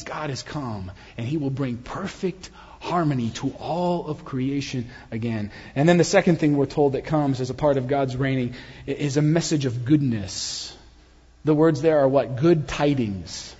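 A man preaching a sermon, telling the story with dramatic build-ups and sudden quiet drops. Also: fairly high pitch, expressive, normal speed, slightly rough. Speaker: pastor. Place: church sanctuary. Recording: dull sound with long reverb of a large hall.

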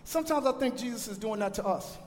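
A man preaching a sermon as pastor, swinging from shouted peaks to quiet asides. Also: high voice, expressive, fast talker. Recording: long hall reverb.

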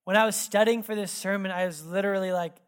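A woman pastor preaching a sermon in a casual, candid storytelling manner, full of fillers and asides, swinging between lively emphasis and quiet, hushed reflection. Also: medium pitch, fast talker.

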